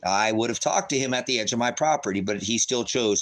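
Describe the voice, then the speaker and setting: A man's voice: medium pitch, brisk, few pauses, a bit bright. A man angrily ranting on his livestream while reading court papers aloud, swearing and repeating himself. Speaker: livestream host. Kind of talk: agitated livestream rant.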